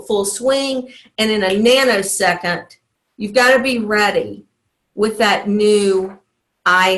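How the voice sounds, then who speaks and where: A woman's voice: medium pitch, fairly bright tone. A woman teaching a motivational teleclass as a life coach, in an earnest, encouraging way. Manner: earnest, encouraging, often acts out inner self-talk.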